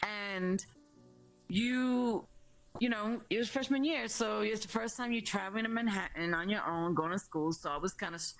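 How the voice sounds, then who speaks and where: A middle-aged woman, telling a family story in a blunt, animated way. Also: medium pitch. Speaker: mother of the streamer, guest. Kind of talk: casual storytelling chat.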